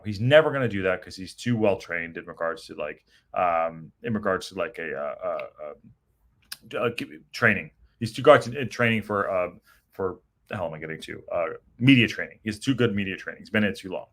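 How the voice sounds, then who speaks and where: A man's voice: lowish voice, animated, a little fast, fairly bright tone. A middle-aged man hosting a post-match reaction stream, rambling and swearing in frustration as he reads viewer comments. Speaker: podcast host reading chat.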